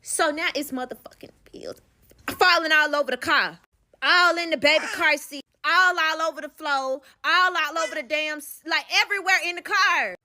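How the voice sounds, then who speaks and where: A woman's voice: sits high, normal speed, sharp tone. A young woman telling a personal story in a casual vlog, candid and profane, calling the listener "baby".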